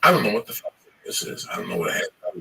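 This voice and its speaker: A man in loud, rambling, profane casual chat. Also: on the low side, wildly swooping pitch, racing, vocal fry, breathy edge, low-quality recording.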